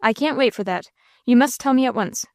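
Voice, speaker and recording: Cold scheming gentleman villain, read by a woman, cool and stern, sneering, fairly high voice, dry close sound, audiobook. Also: fairly quick, no room sound, lightly acted. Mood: cold, probing.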